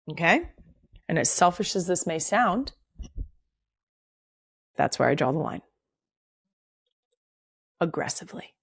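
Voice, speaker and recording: A woman's voice: lowish voice, no echo, clean studio sound. Blunt, profane woman podcast host. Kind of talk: casual podcast monologue.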